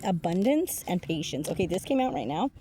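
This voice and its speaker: A woman's voice: on the low side, sing-song, a little fast, warm tone, a little hiss or hum. A woman giving a casual tarot reading, chatty and laughing often, swearing freely between many fillers. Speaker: intuitive tarot reader.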